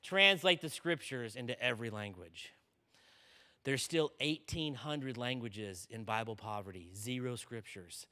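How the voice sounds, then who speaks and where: A mid-range, fairly bright voice carries at an unhurried pace through a large hall with long reverb. The man, a conference speaker, preaches to students, telling a story energetically and often checking in with "okay?"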